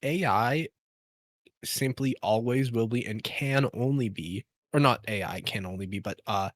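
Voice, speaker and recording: A man from Canada in casual chat, speaking haltingly with many restarts. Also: medium pitch.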